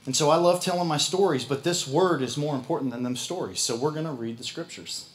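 A man with a Midwestern American accent preaching a sermon as pastor, folksy and quick to laugh at himself. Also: fairly high pitch, slight background noise.

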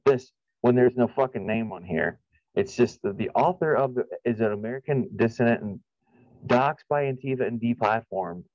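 A man's voice: mid-range voice, normal speed, darkish tone, dry recording, muffled recording. A man giving an unscripted, profane commentary rant, rambling with many restarts, repeated phrases and sarcastic, scornful asides. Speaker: YouTube commentator.

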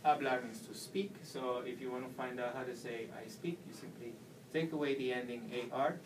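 A man teaches Spanish verb endings at a whiteboard, walking through each step patiently. He sounds set back from the camera mic, with a faint hum of room noise behind him. His pitch sits in an ordinary middle range. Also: steady tone, moderate pace, recorded from a distance. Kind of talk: whiteboard language lesson.

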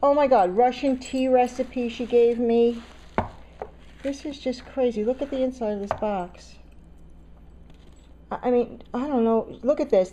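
A woman's voice: fairly high pitch, steady tone, unhurried, long pauses, mellow. A woman chatting to camera as she unboxes a gift, gushing and gasping, repeating her exclamations. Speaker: craft vlogger opening a swap box. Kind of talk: excited unboxing chat to camera.

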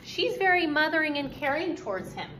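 A woman teaching a recorded lesson for young students. She stretches out her key words and speaks in an encouraging way. Her voice is bright and fairly high, and it moves up and down a lot. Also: very animated, a little hiss or hum, rough recording. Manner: slow, emphatic, encouraging teacher talk. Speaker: fourth grade teacher. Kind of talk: recorded online reading lesson.

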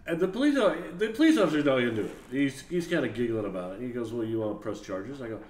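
A man tells a story in a casual, lively way and acts out the voices of the people in it. His voice is of middle pitch. The recording has an echoey room sound. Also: quick pace. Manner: animated, acts out voices and laughs while telling.

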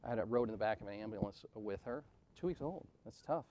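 A man's voice: lowish voice, lively intonation, fast, darkish tone, no echo. Candid self-deprecating man in his forties. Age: 40s. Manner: self-deprecating and conversational, with frequent "right?" asides. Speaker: conference speaker. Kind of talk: candid storytelling talk. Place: event venue.

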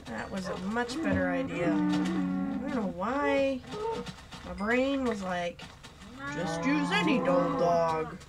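A young woman talks through her gameplay in a relaxed, rambling way. Her voice is a little high and swoops up and down a lot. She speaks slowly and giggles often as she goes. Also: loud music behind the voice. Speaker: let's play host. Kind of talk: casual gameplay commentary.

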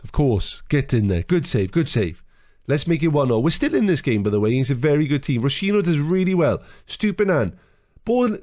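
A young man talks through a football management game as it plays, quick to curse and quick to cheer. His voice sits at a middling pitch and sounds dry and close, with no room around it. He swings between muttered tactics and loud yells at his players. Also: no echo. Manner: animated, swears and shouts at the players. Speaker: gaming YouTuber. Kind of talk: excited live game commentary.

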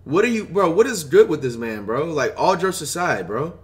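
A young man streaming his reactions to basketball highlights, loud and excitable, swearing and saying "bro" constantly. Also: moderate pace. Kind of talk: hype reaction commentary.

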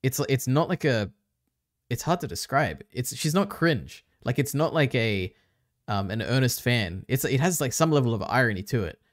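A laid-back man hosting a stream, chatting casually. He laughs often and lets sentences trail off. His voice sits in a middling pitch. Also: lively intonation, moderate pace, no echo, clean studio sound. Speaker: streamer host.

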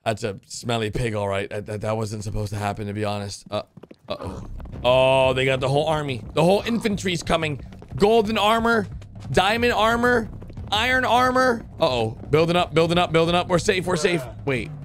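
A man giving excited reaction commentary to animated clips, blurting out reactions and cheering the characters on. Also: a little high, normal speed, a little hiss or hum. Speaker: reaction video host. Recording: animation audio and music playing behind.

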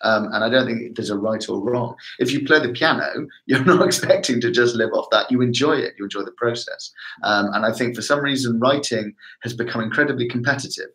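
A man's voice: medium pitch, brisk, a bit bright, low-quality recording. A man, a literary agent guest on a podcast, giving upbeat plain-spoken advice. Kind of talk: casual chat.

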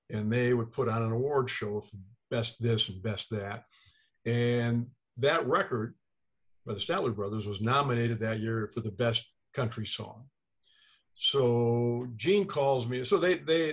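A man's voice: mid-range voice, husky, highs cut off. An older man, an author being interviewed, telling a rambling, self-deprecating anecdote in casual talk, acting out the people he quotes. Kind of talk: casual storytelling.

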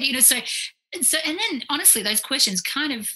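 A woman's voice: sits high, a little fast, poor audio. An Australian woman in her forties, a clinical psychologist telling stories as a podcast guest, acting out the people she quotes. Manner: animated storyteller who acts out quoted voices. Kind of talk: podcast interview, anecdotal storytelling.

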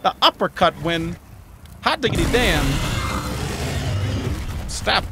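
Male streamer, high-pitched and gravelly, hollering at a monster mid-fight, heavy background noise. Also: unhurried, pauses often. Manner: excitable, profane, trash-talking the monster. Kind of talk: live gameplay commentary.

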